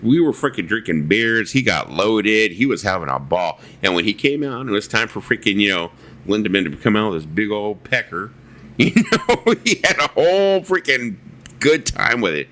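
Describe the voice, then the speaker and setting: A man's voice: fairly low pitch, sing-song, moderate pace, a bit bright. A man hosting a casual livestream chat, telling rambling stories and reading viewer comments aloud, swearing freely. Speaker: livestream host.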